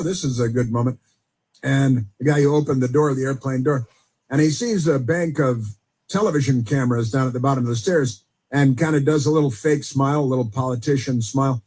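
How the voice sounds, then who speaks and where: Husky-voiced man hosting a rambling talk show. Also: medium pitch, darkish tone. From United States. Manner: sarcastic, rambling with many fillers and restarts. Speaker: podcast host. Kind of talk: casual commentary.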